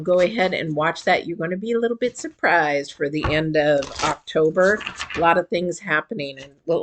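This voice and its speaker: A woman's voice: lowish voice, slight background noise. A woman giving a chatty, rambling tarot reading to camera, with the hiccups and lots of fillers. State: has the hiccups. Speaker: tarot reader.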